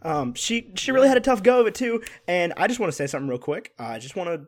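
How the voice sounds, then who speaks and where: Young guy, kinda high voice, excitable casual chat, teases and brags a lot. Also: creaky. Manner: excitable, boastful teasing, quick asides. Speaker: podcast co-host.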